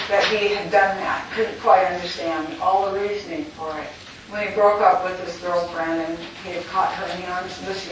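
A middle-aged woman speaking candidly and emotionally about her near-death experience, telling a personal story with laughter. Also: lowish voice. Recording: very echoey, distant mic with noise.

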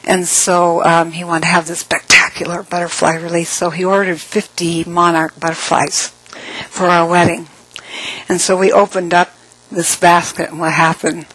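Middle-aged woman, motivational speaker, somewhat low voice, slow emphatic delivery, playful asides. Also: little pitch movement, a bit bright, slightly rough, poor audio. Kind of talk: inspirational talk with storytelling.

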